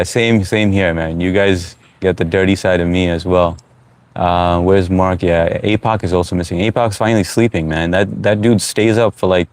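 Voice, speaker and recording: A middle-aged man from the United States, speaking in a very low, deep voice. He hosts a live stream in a loose, easygoing way, reading viewer comments aloud with plenty of fillers. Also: dry recording. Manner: relaxed, reads out chat comments, frequent uh fillers. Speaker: livestream host. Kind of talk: casual live chat.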